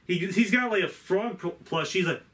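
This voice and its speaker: A man's voice: sits high, moderate pace, fairly bright tone. A man casually retelling a movie's plot for a spoiler review, rambling and swearing, acting out the characters' lines as he goes. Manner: rambling and profane, acts out lines from the film.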